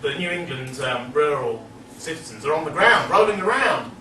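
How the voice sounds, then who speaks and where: Digressive male lecturer, high voice, recorded from afar in a noisy hall. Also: animated, normal speed, pushed and bright. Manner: rambling, digressive, filler-heavy. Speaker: speaker. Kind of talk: public lecture. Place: meeting hall. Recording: echoey hall, distant mic, noisy.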